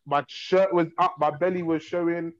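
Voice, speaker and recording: A young man telling a long story in a rambling, animated way, repeating himself. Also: on the high side, normal speed, highs cut off. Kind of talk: casual storytelling.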